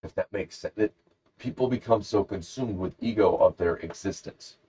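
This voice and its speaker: A man's voice: low-pitched, moderate pace, mellow, breathy edge. A man co-hosting a podcast who tells a rambling, jokey story in casual chat. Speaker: podcast co-host. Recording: dull lo-fi podcast recording.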